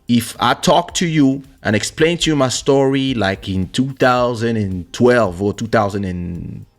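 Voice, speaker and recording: A man hosting a casual talk show, telling personal stories in an animated way and acting out the voices of the people he quotes, into a studio microphone. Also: fairly low pitch. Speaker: podcast host. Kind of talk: casual storytelling chat. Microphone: streaming studio microphone.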